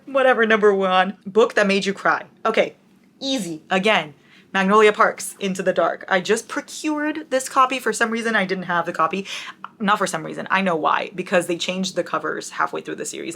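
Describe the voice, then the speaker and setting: A woman's voice: fairly low pitch, brisk, creaky, fairly bright tone. A young woman chatting casually to camera about books, bubbly and dramatic, now and then breaking into song. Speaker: book vlogger.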